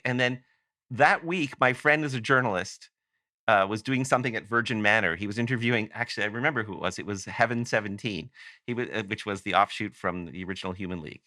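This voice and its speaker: A man's voice: medium pitch, fairly even intonation, fast, bright, forceful tone, no echo, studio quality. A man from Canada, a guest on a podcast, telling a long rambling anecdote that is full of self-corrections. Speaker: guest author. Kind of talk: casual podcast storytelling.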